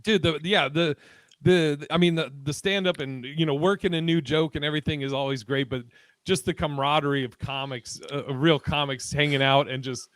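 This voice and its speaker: A man hosting a podcast over a video call, in an animated, profane storytelling mode. His voice sits a little higher than most men's, and the sound is dry and close. He jumps into acted-out quotes of other people. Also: a little fast, no room sound. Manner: animated storyteller, acts out quotes, swears a lot. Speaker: podcast host. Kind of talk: casual chat.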